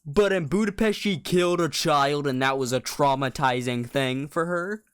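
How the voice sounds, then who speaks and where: A young man talks loosely on a podcast, full of restarts and slang, and gets animated when something strikes him as absurd. His voice cracks now and then. The sound is close and dry, with no room around it. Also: a little high, normal speed, clean tone, dry recording. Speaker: podcast co-host. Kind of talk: casual chat.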